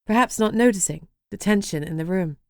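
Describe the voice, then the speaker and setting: A woman's voice: medium pitch, fairly quick, a little mellow, no room sound, studio quality. A woman narrating a first-person urban fantasy audiobook in a wry, sardonic way.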